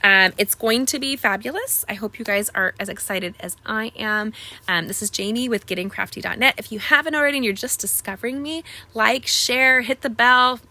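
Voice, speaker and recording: A woman's voice: a little high, normal speed, pushed and bright. A woman, chatting bubbly and straight to viewers as host of a live crafting stream.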